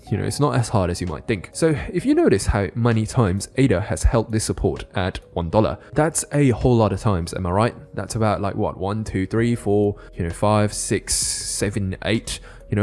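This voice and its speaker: A man giving a casual crypto chart analysis, often checking in with the listener with quick tag questions. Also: fairly low pitch, a little mellow. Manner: casual, keeps adding "right?" tag questions. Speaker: crypto trading YouTuber.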